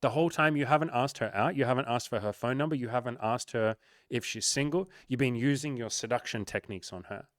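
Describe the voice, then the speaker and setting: A man's voice: medium pitch, fast talker, no room sound. Candid man coaching on dating, dry sound. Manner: candid, animated, acts out quoted voices. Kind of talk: casual monologue to camera.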